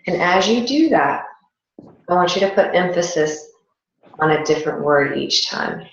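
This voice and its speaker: A woman with a low, gravelly voice leads a yoga and meditation class, giving gentle, unhurried instructions. The sound is dull and lo-fi, in a very echoey room. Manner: calm, gentle guiding instructions with a slow pace.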